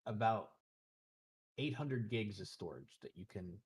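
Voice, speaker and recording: Low-voiced man giving tech instructions. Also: animated, measured pace, slightly rough. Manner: directive, explaining step by step. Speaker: tech helper. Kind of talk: casual instructions.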